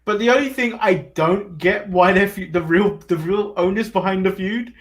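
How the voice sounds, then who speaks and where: A man's voice: sits high, moderate pace. A man co-hosting a casual wrestling recap podcast, laughing often and moving the match rundown along. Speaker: podcast co-host.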